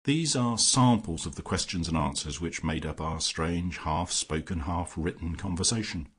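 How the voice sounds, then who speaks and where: A man narrating a classic detective story in the first person, measured and even. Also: low-pitched, breathy edge. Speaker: audiobook narrator.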